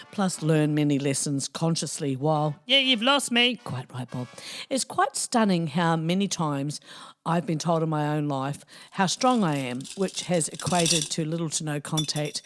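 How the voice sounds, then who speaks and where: Playful woman hosting a podcast. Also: sits low. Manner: playful, cheeky, chatty. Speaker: podcast host. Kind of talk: casual monologue.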